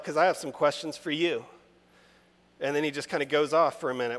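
A man preaching a sermon, reading scripture aloud with rising emphasis and speaking in an animated, conversational way. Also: on the high side, brisk. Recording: long reverb of a large hall.

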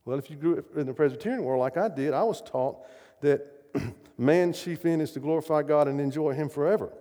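A middle-aged man preaching with emphasis, throwing questions out to his listeners. His voice sits a little high yet sounds warm and mellow. Long reverb trails after him through a large hall. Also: fairly quick. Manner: emphatic, asks the audience questions. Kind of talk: sermon.

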